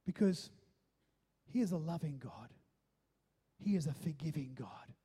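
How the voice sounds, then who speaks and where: Mellow raspy-ish pastor preaching, keeps asking the crowd if they're with him. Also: medium pitch, animated, a little slow. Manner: keeps checking in with the listeners, emphatic. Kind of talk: sermon.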